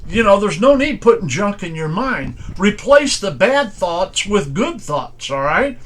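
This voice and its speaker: A pastor giving an informal, conversational sermon in plain, folksy speech, asking strings of rhetorical questions. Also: male voice, high voice, very animated, a little slow. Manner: plain everyday grammar.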